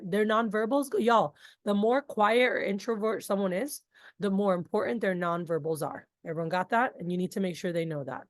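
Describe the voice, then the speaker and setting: A woman leading a sales training session in an animated, chatty, casual way. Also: medium pitch, fairly quick, no room sound, clean studio sound. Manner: animated, talkative, casual asides. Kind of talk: energetic group training talk.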